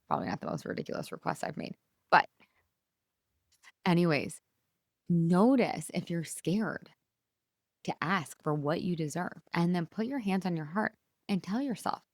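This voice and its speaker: A middle-aged woman coaches her listeners through a solo podcast, chatty and keen. Her voice sits a little low for a woman. The recording is close and dry, with no room around it. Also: animated, moderate pace, no room sound. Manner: enthusiastic, chatty, direct to listeners. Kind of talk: solo motivational podcast talk.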